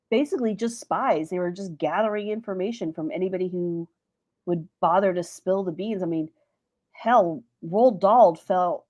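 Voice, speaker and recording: A woman with a somewhat low voice chats on a live panel. She is blunt and swears freely. The recording is dry and close. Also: a little mellow, no echo. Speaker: panelist on a live riff show. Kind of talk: casual panel chat.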